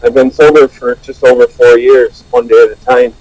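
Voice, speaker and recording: A man's voice: mid-range voice, fairly even intonation, moderate pace, a little mellow, dry recording, low-quality recording. A man earnestly sharing his recovery story at a support meeting, with many restarts. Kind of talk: personal recovery share. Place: online meeting.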